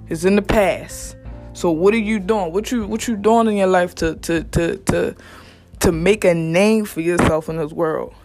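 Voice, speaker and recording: A podcast host giving blunt, profane motivational straight talk, recorded alone at a quiet workplace late at night. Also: mid-range voice, measured pace, faint music behind. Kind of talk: motivational casual monologue. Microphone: single mic.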